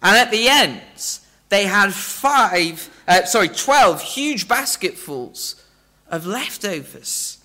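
A man preaching a sermon, earnest and emphatic, explaining scripture in plain terms and slowing down for stress. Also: high voice, very animated, bright, forceful tone.

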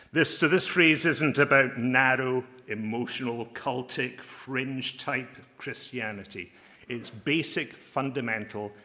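Male chaplain giving a sermon, earnest, leans hard on key words, sharp bright tone. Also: mid-range voice. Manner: earnest, emphatic, slows down to stress key phrases. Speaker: pastor and military chaplain.

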